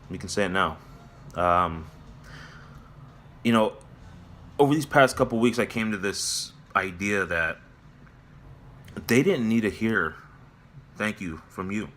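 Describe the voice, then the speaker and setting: A man giving a somber personal vlog update from his workplace, talking in a halting, reflective way with many pauses and restarts. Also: on the low side, a bit bright, slight background noise. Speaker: vlogger. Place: at his workplace near closing time.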